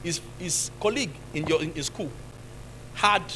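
A man with a Nigerian accent preaching a sermon as pastor, now and then shouting and laughing with the congregation. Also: fairly high pitch, moderate pace, slight background noise, rough recording.

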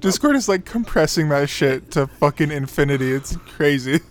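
A man's voice: on the high side, animated, normal speed. A man co-hosting a podcast over an online voice call, cracking wry jokes and swearing casually. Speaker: podcast co-host.

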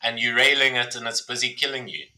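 Sa guy cohosting a podcast, crude banter, says bro a lot, really bright sharp voice. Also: mid-range voice, steady tone, fast, low-quality recording. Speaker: podcast co-host. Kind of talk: casual chat.

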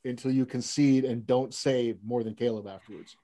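A man's voice: medium pitch, fairly even intonation, normal speed, mellow. A man hosting a casual podcast, teasing his co-host and arguing playfully.

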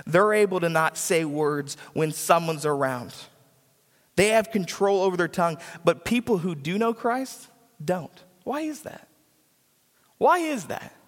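Echoing through a church hall, a high-pitched preacher with a fairly bright tone delivers his sermon. He leans on repetition to land his points and plays out the people he quotes.

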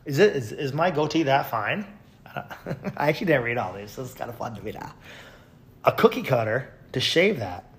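A man hosting a podcast, reading out tweets with sarcastic, mocking commentary and sudden loud yells. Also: medium pitch, very animated, moderate pace. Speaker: podcast host.

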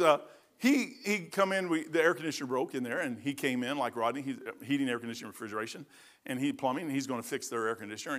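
An older man, a pastor telling folksy stories in a sermon, rambling and swinging from loud to hushed. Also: high voice. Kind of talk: storytelling sermon.

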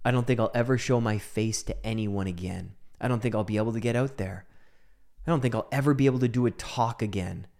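A man telling a personal story into a microphone, shifting between hushed whispers and emphatic outbursts. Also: fairly low pitch, fast talker. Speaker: speaker on mental health.

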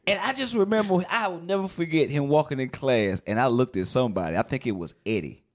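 Podcast host, a man who jokes and teases in loose slang, with a lively voice that rises and falls. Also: medium pitch, quick pace. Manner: joking, teasing, loose slangy talk. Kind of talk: casual chat.

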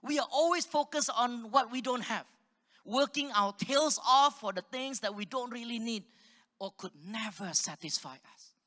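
Animated man preaching in a reverberant hall. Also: extremely high pitch, normal speed. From Singapore. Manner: animated storytelling with laughs and audience questions. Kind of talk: sermon.

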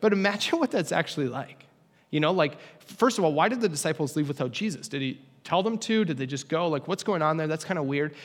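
A man's voice: a little high, animated, fast. A young man preaching a casual, conversational sermon with humorous asides. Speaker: pastor. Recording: long hall reverb.

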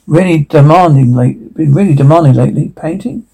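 A man voicing every character in a comedy sketch, trading quick lines back and forth. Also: a little high, gravelly, dark tone, slightly rough, low-quality recording.

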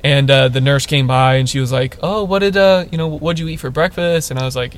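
A man's voice: medium pitch, quick pace, hardly any pauses, a little hiss or hum. A young man co-hosting a casual podcast, telling a funny story and acting out the quotes in it. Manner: animated storyteller, acts out quotes. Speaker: podcast co-host.

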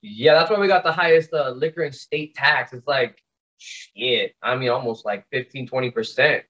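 An American man in casual chat, telling a joking story in an animated way. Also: mid-range voice, normal speed, muffled recording. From United States. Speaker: guest.

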